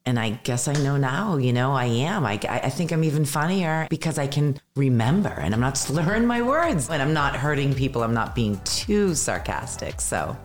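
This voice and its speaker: A woman's voice: extremely low pitch, big pitch swings, moderate pace, few pauses. A woman in her fifties, a stand-up comedian talking as a guest in a casual interview, telling candid, self-deprecating stories with stammered restarts. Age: 50s.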